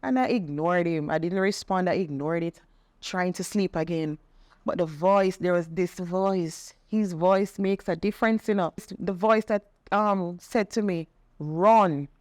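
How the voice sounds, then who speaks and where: A middle-aged woman, telling a personal testimony in conversation, earnest and animated when she quotes others. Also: on the low side, measured pace, no room sound, clean studio sound. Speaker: podcast guest sharing testimony.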